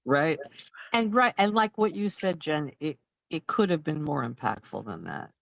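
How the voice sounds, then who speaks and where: Gravelly, lively voiced review host. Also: moderate pace, no room sound. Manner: agreeable, frequent "right" and laughs, lively pitch. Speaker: host of a film review channel. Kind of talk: casual live recap chat.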